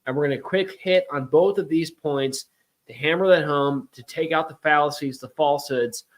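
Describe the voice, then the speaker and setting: A man's voice: fairly high pitch, moderate pace. A middle-aged man hosting a casual political talk show, chatty and emphatic with rambling asides. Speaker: podcast host.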